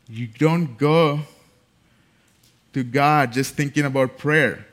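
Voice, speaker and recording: A man's voice: mid-range voice, a bit bright. A man preaching a sermon, emphatic and building in force, repeating key phrases. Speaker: pastor.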